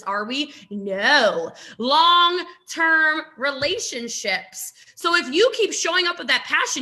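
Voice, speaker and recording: A woman's voice: high voice, bright, forceful tone. A woman giving a motivational coaching talk on a live stream, emphatic, driving points home with repetition and rhetorical questions. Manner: emphatic, repeats lines for punch, rhetorical questions. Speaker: network marketing coach.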